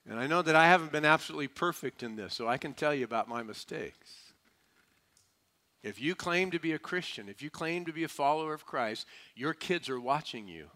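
A man's voice: on the high side, pushed and bright. A male pastor preaching a sermon in an emphatic, folksy, humorous way, prompting the congregation to answer. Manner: emphatic, calls for audience responses.

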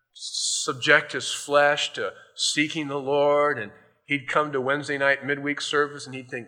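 Bright-voiced male pastor preaching. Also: medium pitch. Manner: conversational storytelling with lots of "you know". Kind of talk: sermon.

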